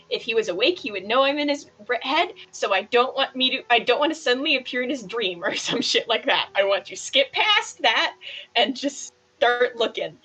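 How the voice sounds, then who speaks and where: A woman's voice: on the high side, pushed and bright, dull audio. Eager woman player plotting aloud. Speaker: tabletop game player. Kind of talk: casual game chat.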